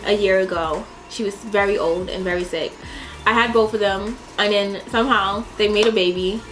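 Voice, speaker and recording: A young woman chatting in a casual question-and-answer vlog, dramatic and animated, laughing often and swearing. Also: mid-range voice, a little hiss or hum. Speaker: vlogger.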